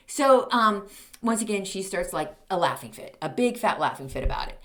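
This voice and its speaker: Woman, 50s, podcast host; sarcastic storyteller with a lively, swooping voice. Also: medium pitch, moderate pace. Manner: snarky, animated, exasperated. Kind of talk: comedic storytelling monologue.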